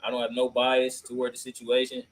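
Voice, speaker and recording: A man's voice: medium pitch, completely flat delivery, a little fast, slight background noise, rough recording. A man hosting a podcast in casual chat, laid-back and slangy with many filler ums, reacting to clips. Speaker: podcast host.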